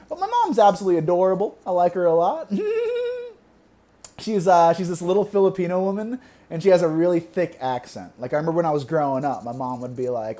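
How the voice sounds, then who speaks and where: Young man, stand-up comedian, deadpan one-liners, chuckles at own jokes, warm dark tone. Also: fairly high pitch, fast.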